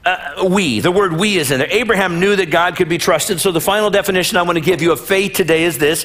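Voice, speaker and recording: A middle-aged man preaching a sermon in a church, his voice sitting a little high for a man. He reads scripture aloud and slips into playful, animated voices to act out the story. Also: fast talker, hardly any pauses. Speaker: pastor.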